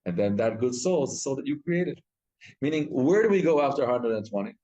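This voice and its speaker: A man teaching a Torah class, telling stories with lively acted-out quotes and frequent restarts. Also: medium pitch, a little fast, dull audio. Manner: animated storytelling, acts out quotes, frequent restarts.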